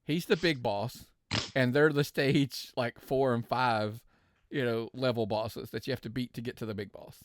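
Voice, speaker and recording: A man's voice: medium pitch, steady tone, moderate pace, no room sound. Man with a dry, close sound talking wrestling. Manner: talks in restarts, working out opinions aloud. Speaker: podcast co-host. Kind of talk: casual chat.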